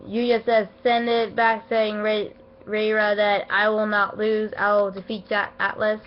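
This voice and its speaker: Excitable rambling woman, lo-fi recording. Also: mid-range voice, measured pace, a little hiss or hum. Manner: excitable, emotional, rambling with many fillers and restarts. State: voice not at its best, feeling unwell. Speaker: anime episode reviewer. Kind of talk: casual rambling review. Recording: dull lo-fi home recording.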